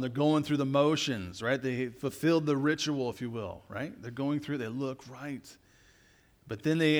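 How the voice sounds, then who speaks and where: A man preaching a sermon as pastor, in a conversational way, tagging his points with "right?" and swinging between loud emphatic passages and quiet low asides. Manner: conversational preaching with frequent "right?" tag questions.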